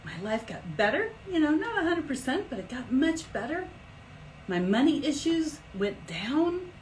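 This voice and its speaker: A middle-aged woman hosting a live stream as an energy healer, talking in a chatty, animated way with big swoops in pitch. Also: a little slow, slight background noise, rough recording. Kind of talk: casual live-stream talk.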